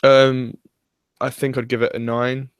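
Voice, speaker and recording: A man's voice: mid-range voice, little pitch movement, a little slow, clear, resonant tone, no room sound, clean studio sound. A young man giving his opinions in a casual review chat, hesitant and filler-heavy. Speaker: guest reviewer.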